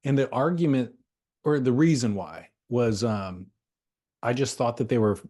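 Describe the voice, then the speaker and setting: A man's voice: medium pitch, measured pace, dark tone. A man hosting a podcast, chatting casually about surfboards in a loose, rambling, thoughtful way with restarts. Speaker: podcast host. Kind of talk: casual chat.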